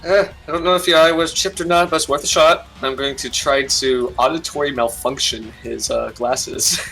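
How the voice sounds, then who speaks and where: Wry, bright-voiced male player. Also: medium pitch, fairly even intonation, moderate pace, creaky, soft background music, rough recording. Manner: sarcastic, wry. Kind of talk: casual tabletop play.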